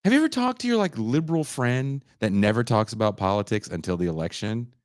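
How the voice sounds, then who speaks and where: A man hosting a podcast, delivering a loud, profane comedic rant that swings into shouting. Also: mid-range voice, animated, quick pace, no room sound, studio quality. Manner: loud, swearing, swings into shouting and mock voices. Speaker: podcast host.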